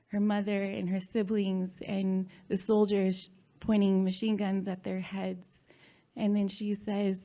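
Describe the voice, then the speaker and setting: A woman telling a personal story at a live storytelling event, halting and heartfelt, with fillers and small laughs. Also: mid-range voice, warm tone.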